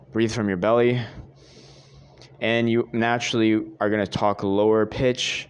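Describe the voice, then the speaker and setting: Earnest low-voiced young man coaching. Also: a little mellow, clean tone. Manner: earnest, repetitive, addresses viewers as guys. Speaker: dating coach. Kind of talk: direct-to-camera advice monologue.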